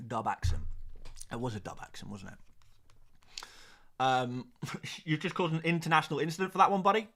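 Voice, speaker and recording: A man's voice: fairly high pitch, fairly even intonation, moderate pace, long pauses, a bit bright. A man hosting a live stream in casual, jokey chat, muttering asides as he goes. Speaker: streamer host.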